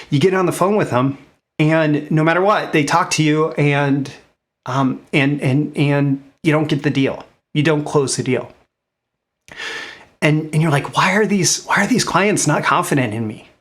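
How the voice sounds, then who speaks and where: A man talking straight to his audience in an easy, unscripted way, full of "you know" and restarts. His pitch sits in the middle for a man and jumps up when he hammers home a point. It sounds like a casual motivational chat. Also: a bit bright. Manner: conversational, many fillers and restarts, rising emphasis on key points. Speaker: marketing coach and host. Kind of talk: casual motivational talk to camera.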